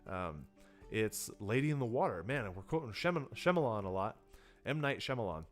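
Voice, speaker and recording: A lowish male voice with big pitch swings and normal speed teaches, via livestream, how to craft horror for tabletop role-playing games. As a game design teacher he stays loose and conversational, full of fillers and restarts, mimicking players' reactions as faint music plays behind.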